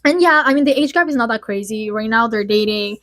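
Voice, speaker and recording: Gossiping to camera, this young woman chats and rambles, dropping "like" constantly. Her voice is on the high side and a bit bright, she speaks fast, and the recording has no room sound.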